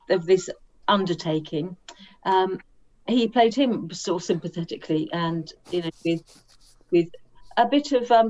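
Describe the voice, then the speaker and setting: A woman co-hosting a film review podcast. She speaks at a mid pitch and pauses to weigh her words, and her audio comes through dull and lo-fi. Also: darkish tone. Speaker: podcast co-host. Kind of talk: casual film review chat.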